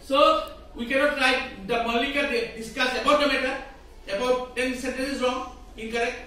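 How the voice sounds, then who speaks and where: High-voiced man teaching in an echoey classroom. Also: fairly even intonation, normal speed, bright, forceful tone, far from the mic. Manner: repetitive, questioning, drills students in call-and-response. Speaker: English teacher. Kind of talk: classroom grammar lesson. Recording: very echoey room, voice from afar.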